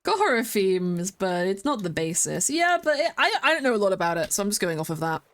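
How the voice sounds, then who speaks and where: Chatty young woman streamer, excitable. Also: mid-range voice, a little fast. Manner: chatty, rambling, with many fillers and restarts; excitable, squeals greetings to viewers. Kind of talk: casual chat with stream viewers.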